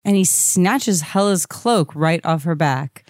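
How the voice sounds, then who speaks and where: A woman's voice: fairly low pitch, lively intonation, takes it slowly, a little mellow, no room sound, studio quality. A woman co-hosting a podcast in a casual, amused, chatty comic book discussion. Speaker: podcast co-host.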